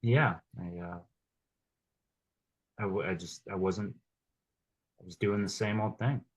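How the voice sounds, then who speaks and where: A man taking part in a coaching workshop, sharing a personal story in a halting way with many restarts. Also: deep voice, poor audio. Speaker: workshop participant.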